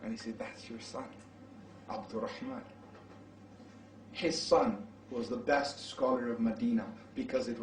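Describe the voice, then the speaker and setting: A man preaching, telling a story dramatically and rising to shouts at the climax. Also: mid-range voice, a little hiss or hum. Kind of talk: storytelling sermon. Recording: roomy hall, mic far off.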